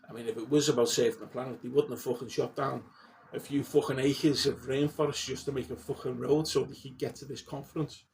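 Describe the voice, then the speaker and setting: A man's voice: medium pitch, brisk. A man vlogging in a casual, blunt rant, swearing constantly and getting worked up as he talks. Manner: heavy swearing, blunt and heated; gets animated and worked up. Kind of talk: casual ranting monologue. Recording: distant mic with faint background noise.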